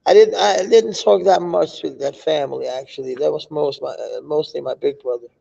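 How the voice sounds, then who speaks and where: A man's voice: a little high, moderate pace, vocal fry, dark tone, husky. A man with a Danish accent chatting casually on a live stream, rambling and swearing often with many restarts. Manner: meandering, profane, many restarts. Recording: dull lo-fi stream audio.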